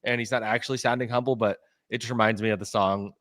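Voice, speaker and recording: A man's voice: on the low side, fairly even intonation, fast, fairly bright tone, no room sound, studio quality. A man co-hosting a sports podcast, a reporter talking casually and rambling with lots of "like" and restarts. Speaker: beat reporter and podcast co-host.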